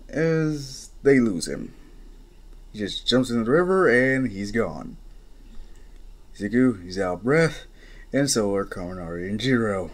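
Guy narrating a fan story, slangy and loose, lowish slow voice. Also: animated.

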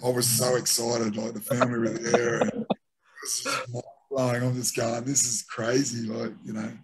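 A man's voice: medium pitch, moderate pace, heavy background noise. A middle-aged Australian former rugby league player telling stories from his career in a casual interview, re-enacting what teammates said. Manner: animated anecdotes with re-enacted quotes.

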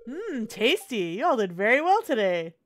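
A woman voicing an older small-town male mayor who speaks in a folksy, formal speechmaking way with a lowered voice. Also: sing-song, moderate pace, slight background noise. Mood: ceremonial.

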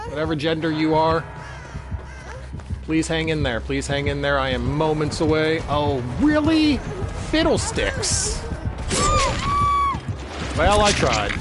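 A man giving playful, self-mocking commentary while playing a video game, exclaiming and talking to the other players. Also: a little high. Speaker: gaming streamer. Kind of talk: let's-play commentary.

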